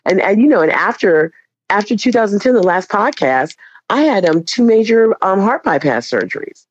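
A woman's voice: medium pitch, normal speed. A woman, a teacher and podcast guest, telling dramatic, profane stories in casual chat. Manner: animated, profane, dramatic storyteller. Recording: dull, dry lo-fi recording.

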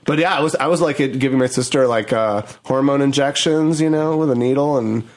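A man's voice: mid-range voice, a little fast. Young adult male co-host, casual rambling storyteller, heavy on filler words. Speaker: podcast co-host. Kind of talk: casual comedic chat.

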